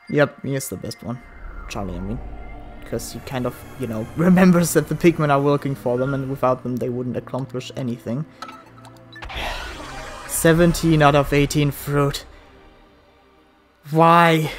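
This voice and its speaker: A let's play gamer commentating, swearing a lot, yelling at the game and then muttering to themself. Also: medium pitch, unhurried, pauses often, soft background music.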